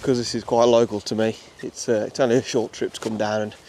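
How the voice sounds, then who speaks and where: Talking fast in a lowish, slightly mellow voice with little pitch movement, this young Englishman from the Midlands vlogs casually outdoors. He's a wildlife photographer filming a nature reserve walk, with lots of fillers and restarts. There's a little hiss or hum.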